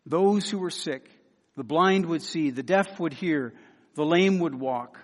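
A man's voice: fairly high pitch, a little slow. Earnest preacher man in a reverberant hall. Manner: earnest, building emphasis with repeated phrases and soft pleading quotes. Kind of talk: sermon.

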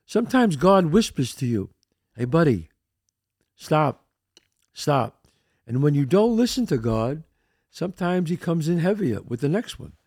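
A man's voice: a little high, big pitch swings, moderate pace, darkish tone, husky, no echo, studio quality. A man hosting a show, talking emphatically in a motivational monologue and acting out the voices he quotes. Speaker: podcast host.

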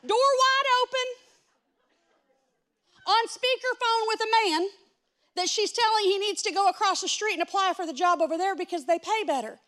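A woman pastor, preaching a sermon through a lively, self-mocking story, acting out what people said. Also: very high-pitched, normal speed, pauses often. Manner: animated, self-mocking storyteller who acts out quotes.

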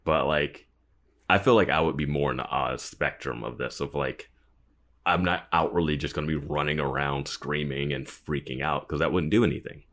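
A man co-hosting a casual podcast, musing in a relaxed way with many fillers. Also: extremely low pitch, moderate pace. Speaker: podcast co-host. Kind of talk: casual chat.

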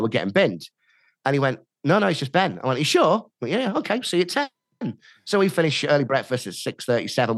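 Lively man telling wild stories. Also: medium pitch, no echo, clean studio sound. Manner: animated, acts out quoted dialogue with laughs. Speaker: podcast guest, radio DJ. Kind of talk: anecdotal storytelling.

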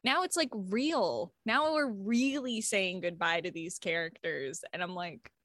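A woman's voice: medium pitch, expressive, a little slow, fairly bright tone, no echo. Rambling woman, dry close sound. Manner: rambling, many "like" fillers. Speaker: tabletop game player. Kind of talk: casual chat.

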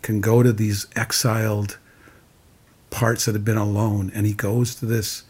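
A man's voice: on the low side, little pitch movement, a little slow, darkish tone, breathy edge. A man co-hosting a podcast, earnestly retelling film scenes in a casual discussion. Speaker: podcast co-host.

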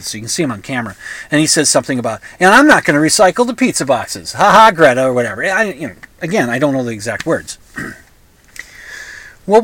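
Older man rambling with lively pitch. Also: dry recording. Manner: rambling, sarcastic, with many restarts and asides. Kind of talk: casual monologue.

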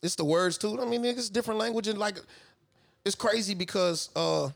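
A man co-hosting a casual chat, animated and joking, heavy on slang. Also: high-pitched, fairly quick, gravelly. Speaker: podcast co-host.

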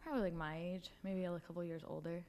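A woman's voice: fairly low pitch, fairly even intonation, fast talker, a little mellow. A young woman from New chatting casually on a podcast, telling a story with lots of "like". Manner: storytelling with frequent "like". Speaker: podcast co-host. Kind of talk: casual chat.

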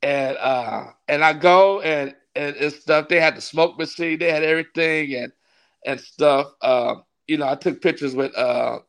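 A man, a pastor, tells a long story in a relaxed interview. His voice sits a little high, and he is animated, often laughing as he acts out the people in his story. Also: unhurried. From California. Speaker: pastor and wrestling ring announcer.

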